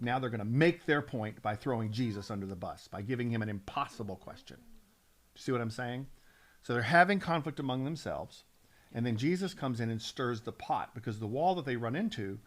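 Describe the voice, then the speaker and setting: A male pastor teaches from the Bible on a talk show, speaking at a medium pitch. He's earnest and gathers steam as he goes, frequently restarting his sentences.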